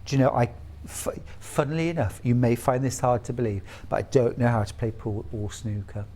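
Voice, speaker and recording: A man's voice: mid-range voice, fairly even intonation, a little fast, warm tone. A middle-aged man from the UK presenting fabrics on a live shopping channel in a chatty, gushing, enthusiastic way.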